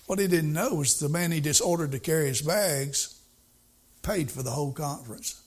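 A man's voice: on the high side, normal speed. A male preacher giving a sermon in a folksy, storytelling way, repeating his points for emphasis.

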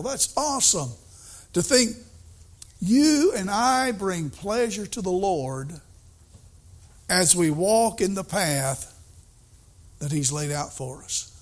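An older man preaching a sermon, emphatic, swinging between soft asides and excited outbursts. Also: high voice.

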